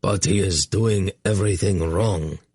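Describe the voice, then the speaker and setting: A male audiobook reader doing a hawk-faced warrior who trains horses, cautious and gruff. His voice is low and husky and dry up close. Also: measured pace, no room sound, heavily acted. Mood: baffled. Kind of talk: audiobook narration.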